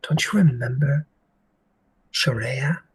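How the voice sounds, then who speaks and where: A man's voice: medium pitch, takes it slowly, a little hiss or hum, lightly acted, poor audio. A man voicing cruel, sly spirit sisters who speak in an insinuating whisper.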